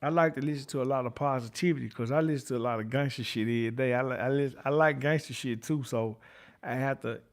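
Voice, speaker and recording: A middle-aged livestream host from Memphis, Tennessee, speaks fast in a mid-range voice with a Southern accent. He chats loosely and rambles, reads out viewer comments, repeats himself and curses freely.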